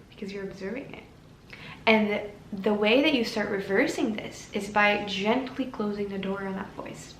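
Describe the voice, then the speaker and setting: A woman giving a casual self-help talk to camera, earnest and gently encouraging. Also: mid-range voice, reverberant, slight background noise, poor audio. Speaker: lifestyle creator.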